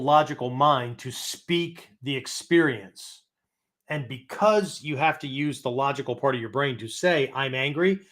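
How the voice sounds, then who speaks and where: A man's voice: medium pitch, fairly bright tone. Older male host with a mid-range voice, talking students through ideas in plain, chatty lessons. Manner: ends phrases with "right?" and "okay?"; explains step by step, with frequent restarts. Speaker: podcast host teaching philosophy. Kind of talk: conversational teaching talk.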